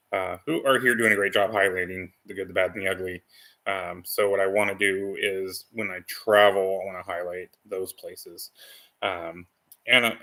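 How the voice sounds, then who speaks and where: Male channel host, low-pitched, bright tone; casual rambling live chat, lots of fillers. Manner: rambling, full of ums and restarts.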